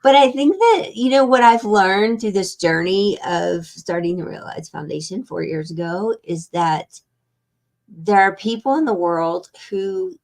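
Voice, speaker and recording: A woman's voice: mid-range voice, measured pace. A woman hosting an interview, a foundation founder, speaking earnestly and reflectively about her mission over a video call.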